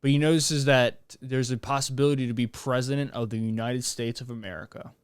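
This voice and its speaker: A man's voice: mid-range voice, steady tone, brisk, clear, resonant tone, no room sound, clean studio sound. A young man hosting a podcast in a casual, rambling monologue, joking and restarting his sentences. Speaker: podcast host.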